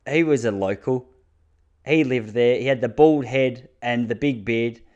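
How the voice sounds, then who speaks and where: Speaking at a measured pace in a mid-range, slightly mellow voice, this Australian man in his thirties laughs along with his own crude, self-deprecating comic tales. The audio sounds dull.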